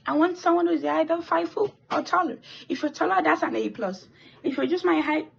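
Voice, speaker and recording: A teenage girl telling a rambling, animated story while doing her makeup, with swearing and asides. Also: high-pitched, a little fast, vocal fry, lo-fi sound. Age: teens. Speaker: vlogger. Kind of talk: chatty get-ready-with-me story time.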